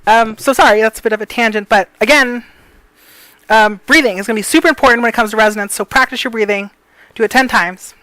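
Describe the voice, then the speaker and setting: A woman coaches breathing and pitch drills in a loose, rambling way, trailing off into fillers and apologizing for tangents. Her voice sits fairly high and sounds smooth. The recording is close and dry. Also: fast talker, a bit bright, no echo, low-quality recording. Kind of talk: casual tutorial.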